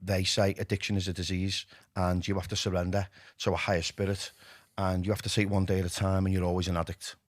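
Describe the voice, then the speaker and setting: A middle-aged man with a Liverpool accent, telling his own story as a podcast guest, lively and candid, dropping to a hush when he quotes himself. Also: deep voice, fast, few pauses, dry recording, clean studio sound. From England. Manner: animated, drops to a hushed voice when quoting himself.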